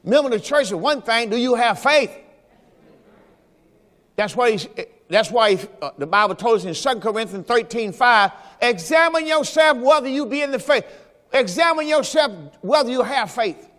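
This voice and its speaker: A man's voice: very high-pitched, expressive, moderate pace, fairly bright tone, in a large hall. A man preaching a Sunday sermon as pastor, in a folksy style that mixes scripture quotes with rhetorical questions. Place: church during Sunday service.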